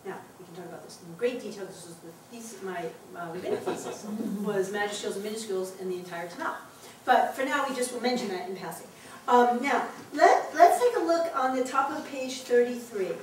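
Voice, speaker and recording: A woman teaching a Hebrew class to adults, patiently explaining and reading words aloud slowly. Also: mid-range voice, expressive, slight background noise. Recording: very echoey classroom taped from far off.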